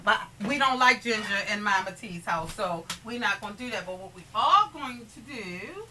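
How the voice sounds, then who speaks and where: A woman's voice: mid-range voice, animated, moderate pace, sharp tone, a little hiss or hum, poor audio. A woman hosting a casual cooking tutorial in her home kitchen, chatty and homey, often calling viewers "you guys", with pots and dishes clinking behind her. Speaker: cooking channel host. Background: pots, pans and dishes clinking.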